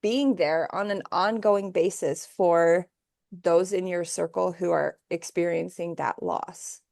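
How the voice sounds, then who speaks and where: A woman's voice: on the low side, fairly even intonation, takes it slowly, creaky, darkish tone, dry recording, clean studio sound. A woman hosting a casual interview, reflective, summarizing what her guest said. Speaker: podcast host.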